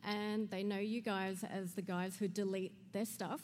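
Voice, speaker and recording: Woman, audience questioner, bashful and slow-spoken, reverberant hall. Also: mid-range voice, level tone, darkish tone, a little hiss or hum. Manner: bashful, giggly. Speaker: audience member asking a question. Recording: audience mic in a reverberant hall with faint crowd sound.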